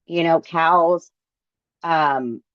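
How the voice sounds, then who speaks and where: Slow, halting middle-aged woman. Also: low-pitched, no echo, lo-fi sound. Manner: halting, reflective, many fillers. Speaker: book club member. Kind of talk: casual group discussion.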